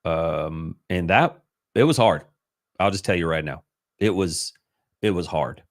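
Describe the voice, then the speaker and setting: In a casual devotional livestream from home, a middle-aged man speaks earnestly and emotionally, restarting often and using many fillers. His voice is low-pitched and unhurried, captured on a computer livestream mic with studio-clean sound and no echo.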